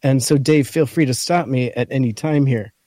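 A man's voice: medium pitch, moderate pace, mellow, dry recording. Scratchy-voiced man reading a list. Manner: talks through a list point by point. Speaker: podcast co-host. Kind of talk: casual chat, reading from an article.

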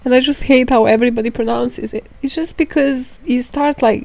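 A woman's voice: fairly high pitch, steady tone, fairly quick, gravelly, few pauses, darkish tone, poor audio. A woman hosting a true crime podcast, telling the case in a casual, chatty and irreverent way, swearing and filling her talk with "like".

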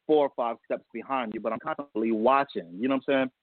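A man's voice: mid-range voice, steady tone, fast talker, dry recording. Heartfelt man on a tinny phone line. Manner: heartfelt storytelling, laughs often. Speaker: guest, a father. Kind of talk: casual radio interview.

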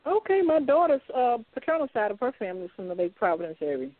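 Woman from Louisiana, relaxed guest who circles back on her words, heard over a dry telephone line. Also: a little high, fast talker, dry recording. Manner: repeats words, easygoing. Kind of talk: casual interview chat. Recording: dry, tinny phone line.

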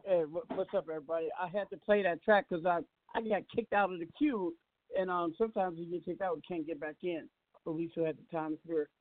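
A man hosting a live radio show in casual chat, halting with many fillers and restarts. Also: sits high, steady tone, dry recording. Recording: phone-like narrow sound.

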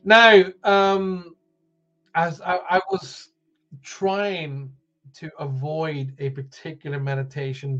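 Chatty Irish man, lo-fi sound. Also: mid-range voice. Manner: chatty, jokey, reads out viewer comments. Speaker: host of a live wellbeing show. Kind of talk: casual live-stream talk.

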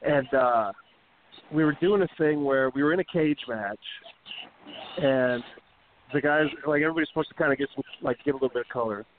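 A man's voice: mid-range voice, brisk. A man hosting a wrestling radio show, telling a long profane backstage story in a loose, rambling way full of fillers. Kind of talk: casual storytelling. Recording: tinny phone-line sound with faint hiss.

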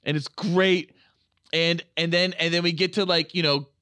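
A man co-hosting a podcast, chatting excitedly about a film with lots of swearing and acted-out quotes. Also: fairly high pitch, moderate pace, no echo. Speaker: podcast co-host. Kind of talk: casual film review chat.

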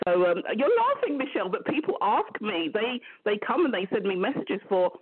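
A woman's voice: mid-range voice, sing-song, brisk, breathy edge, no echo. A woman from London with a London accent, a business mentor guest chatting in a playful, upbeat way. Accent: London English. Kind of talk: casual chat. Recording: tinny phone line.

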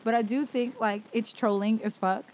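A woman's voice: on the high side, steady tone, normal speed, darkish tone, in a large hall. A woman co-hosting a podcast, pushing back emphatically in casual, profane debate. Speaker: podcast co-host. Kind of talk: casual opinionated chat.

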